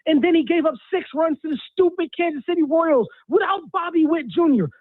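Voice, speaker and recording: A man's voice: very high-pitched, brisk, no echo. A man calling in to a sports radio show, ranting in a fired-up, exasperated way. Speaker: caller. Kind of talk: heated sports radio call. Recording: tinny phone line.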